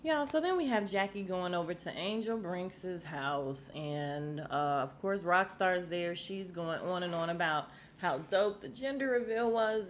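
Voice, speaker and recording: A woman's voice: lowish voice, a little slow, few pauses, slight background noise. Sassy, chatty woman recapping. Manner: chatty, sassy, laughs often, talks to listeners as y'all. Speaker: podcast host recapping a reality show. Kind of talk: casual chat. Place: at home.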